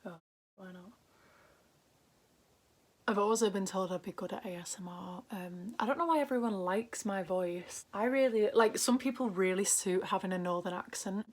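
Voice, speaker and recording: A young woman with a Northern English accent chatting casually while doing her makeup. She rambles, often drops into soft half-whispers, and lifts her voice at the end of sentences. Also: medium pitch, normal speed. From Northern England. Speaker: beauty vlogger.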